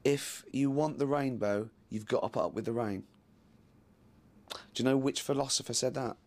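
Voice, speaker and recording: A man's voice: mid-range voice, moderate pace, darkish tone, close to an everyday voice. An actor playing a rambling, self-satisfied middle-aged male office boss who offers folksy life wisdom in a TV comedy. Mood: musing.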